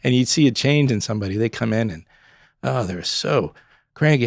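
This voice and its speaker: A middle-aged man and former pub owner chatting on a podcast, an animated storyteller who acts out customers and staff in quick little voices. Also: mid-range voice, gravelly, no room sound, studio quality. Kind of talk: casual podcast conversation.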